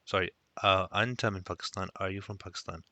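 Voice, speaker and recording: A man's voice: sits low, fairly even intonation, quick pace, sharp tone, dry recording, dull audio. A man teaching a recorded language lesson, explaining step by step and mixing Arabic phrases into his English.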